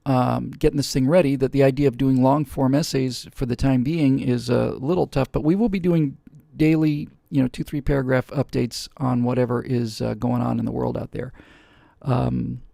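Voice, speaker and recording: A man with a dark, gravelly voice hosts a live webcast in a casual, rambling way. He restarts and fills pauses often. The sound is dry and close. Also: medium pitch, fairly even intonation, no room sound. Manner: rambling, many fillers and restarts. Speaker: host.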